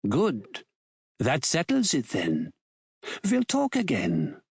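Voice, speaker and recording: A man's voice: mid-range voice, huge pitch swings, takes it slowly, creaky, breathy edge, no room sound, clean studio sound, heavily acted. A man voicing a sly, sardonic Nazi Reichsmarschall who asks mocking, probing questions.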